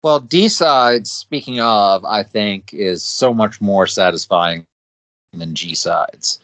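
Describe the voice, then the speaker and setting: A man's voice: fairly low pitch, fairly bright tone, dry recording. A man co-hosting a casual music podcast, hesitant and hedging as he gives his opinions. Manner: hesitant, hedging, slow when weighing opinions. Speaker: podcast co-host.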